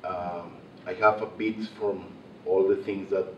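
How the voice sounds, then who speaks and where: A man from Latin America speaking English with a Latin American Spanish accent, halting and searching for words. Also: deep voice, flat delivery. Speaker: workshop participant. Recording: distant, echoey, dull, noisy room mic.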